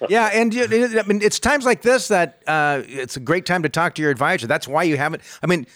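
A man's voice: high voice, brisk, a bit bright, no echo, studio quality. A man co-hosting a call-in money radio show, chatty and loose, laughing often between thoughts. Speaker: financial radio show co-host.

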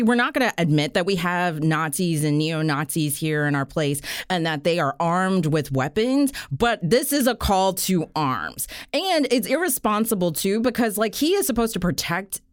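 A woman's voice: lowish voice, dry recording, studio quality. A woman co-hosting a podcast, arguing emphatically and indignantly in casual political chat. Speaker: podcast co-host. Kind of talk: heated casual political discussion.

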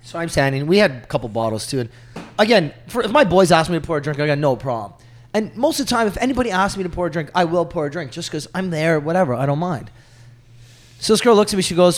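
A man with a fairly high voice trades stories on a casual podcast. He is animated and keeps jumping into other people's voices as he retells a night out. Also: quick pace. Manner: animated, acts out what others said. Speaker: podcast co-host. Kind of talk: casual storytelling chat.

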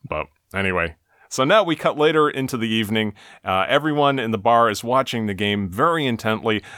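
A man co-hosting a podcast, recapping a TV episode in a casual, animated way. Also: lowish voice, dry recording, studio quality. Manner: animated storytelling, quick asides. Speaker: podcast co-host.

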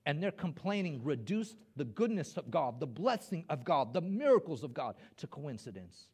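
A man preaching a sermon as a pastor, with impassioned emphasis, slowed key phrases and stammered restarts. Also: fairly high pitch, big pitch swings, a little mellow, husky.

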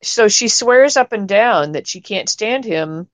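A woman's voice: medium pitch, expressive, a little slow, dry recording. A woman co-hosting a podcast, chatting casually and rambling with fillers and teasing asides. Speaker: podcast co-host. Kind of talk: casual chat about a soap opera.

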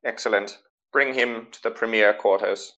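A man's voice: fairly low pitch, fairly even intonation, moderate pace, a bit bright, dull audio, voice pushed up. A man voicing a cold, clinical male official in a tabletop game, with clipped, detached appraisals. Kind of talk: tabletop role-play voicing.

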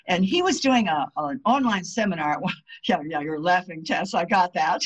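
With a lowish voice at a moderate pace, this woman talks casually about spirituality as a podcast guest. She tells stories animatedly, imitating the people in them, and the sound is dull and lo-fi.

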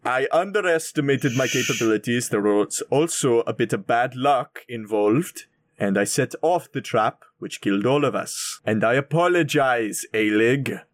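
A man's voice: mid-range voice, animated, moderate pace, no room sound, natural voice. A man voicing a formal, dryly sardonic adventurer in a tabletop role-play. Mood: earnest. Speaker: player voicing his character.

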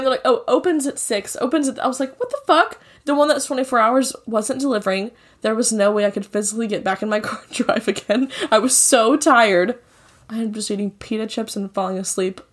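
A woman's voice: a little high, husky. A young woman in casual chat, laughing and swearing as she retells a wild night.

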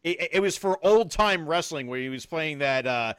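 Male podcast co-host, chatty recapper, slightly higher voice, dry booth sound. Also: expressive, normal speed, a bit bright, clear, resonant tone, no echo. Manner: chatty recapper, laughs easily, many fillers. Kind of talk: casual wrestling podcast chat.

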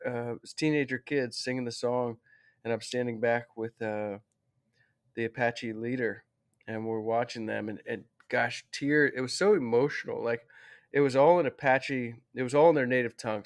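Interview guest, male, mid-pitch, casual storyteller who corrects himself as he goes, heartfelt. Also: fairly even intonation, moderate pace. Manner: rambling, self-correcting, heartfelt.

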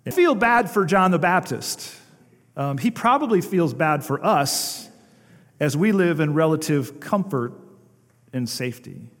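A man preaching a sermon from the pulpit, his voice sitting somewhat high for a man. He swings between forceful declarations and soft, drawn-out lines meant to land a point. The sound rings with a long, churchy reverb. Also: sing-song. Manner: dynamic preaching, swings from emphatic to hushed, slows for emphasis. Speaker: pastor.

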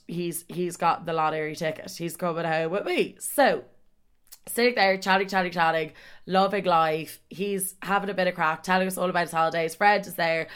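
Young woman, chatty storyteller, lively and profane, voice on the low side. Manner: animated, sweary, acts out quotes. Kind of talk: casual storytime chat.

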